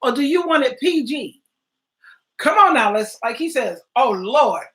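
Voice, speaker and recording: High bright woman on a live stream, laughs a ton, super chatty and affectionate with her viewers. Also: expressive, moderate pace. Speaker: host reacting to a video and reading live chat. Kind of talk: casual live-stream chat.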